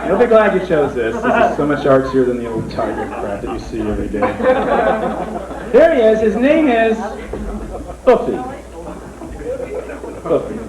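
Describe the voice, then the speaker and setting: Young comic magician with a lively voice. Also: male voice, a little high, fairly quick, heavy background noise. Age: young adult. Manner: playful, dry asides to the crowd. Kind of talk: stand-up comedy magic act. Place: comedy club stage. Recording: echoey club recording with loud audience.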